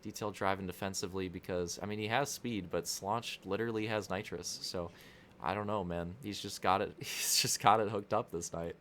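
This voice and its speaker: A man's voice: low voice, fairly even intonation, moderate pace, a bit bright, slight background noise. Joking young male race commentator. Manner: joking, rambling, crude asides. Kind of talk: casual esports race commentary.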